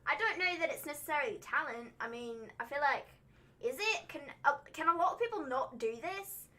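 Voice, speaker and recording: A woman's voice: sits high, lively intonation, a little fast, pushed and bright. An American woman co-hosting a wrestling livestream, chatting casually in a rambling, hesitant, self-deprecating way.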